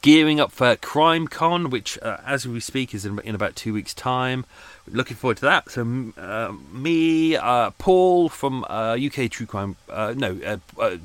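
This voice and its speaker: A man's voice: medium pitch, lively intonation, measured pace, no echo. A man hosting his podcast in a casual, rambling, self-deprecating chat with many restarts. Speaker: podcast host. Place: at home on a boat.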